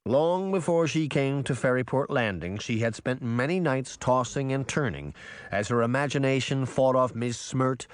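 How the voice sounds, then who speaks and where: A man narrating a children's fantasy audiobook in a measured, expressive way. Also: medium pitch, smooth, no echo, studio quality. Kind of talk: scripted narration.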